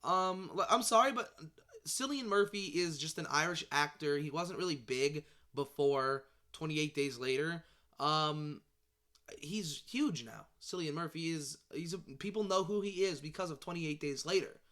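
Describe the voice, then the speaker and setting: A man vlogging about movies in casual chat, excitable and rambling, swearing and tripping over his words. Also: on the high side, a little slow.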